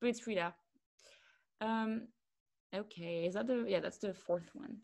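A woman's voice: mid-range voice, moderate pace, vocal fry, pauses often, darkish tone. Chatty young woman from Luxembourg. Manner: chatty, loose, trailing fillers. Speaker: quiz round host. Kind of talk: casual online quiz chat.

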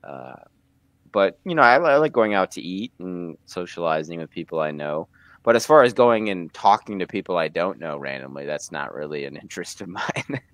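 Deep-voiced hesitant young man, dry sound. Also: lively intonation, normal speed, fairly bright tone, no room sound. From United States. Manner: hesitant, many restarts and fillers. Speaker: guest. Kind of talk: casual conversation.

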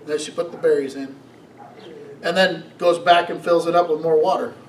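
A middle-aged man preaching a sermon as pastor, telling stories in an animated way and asking the congregation questions. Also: a little high, moderate pace. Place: church sanctuary. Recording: echoey room, mic from a distance.

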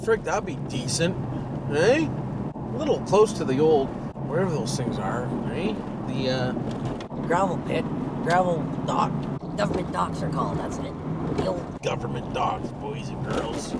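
Older Ontario man, fairly high voice, crude joking vlogger, recorded from a distance in a noisy car. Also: very animated, moderate pace. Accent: Canadian, Ontario. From Canada. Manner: crude joking banter, repeats catchphrases like "friggin' right". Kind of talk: casual vlog chat while driving. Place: inside a car while driving. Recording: distant mic with loud car noise.

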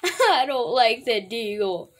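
A woman with a high voice gives excitable gameplay commentary, her pitch leaping up and down as she reacts. She draws her words out at an unhurried pace, laughs often and trash-talks her friends playfully. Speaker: gaming video host.

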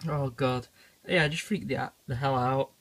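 A man's voice: medium pitch, fairly even intonation, unhurried, fairly bright tone, no room sound. A man filming a casual phone vlog about his insect collection, squeamish and swearing as he freaks out. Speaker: reptile keeper vlogger. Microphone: phone camera.

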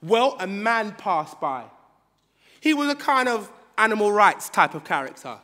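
Brief: high-pitched male preacher, British, animated sermon storytelling, church reverb. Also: unhurried. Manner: call-and-response, animated storytelling. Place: church hall.

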